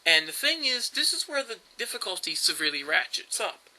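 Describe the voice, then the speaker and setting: A man's voice: high-pitched, big pitch swings, a little fast, bright, forceful tone, poor audio. A young man casually commenting while playing a video game, rambling with frequent fillers and restarts. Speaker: gameplay commentator. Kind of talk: casual let's-play commentary.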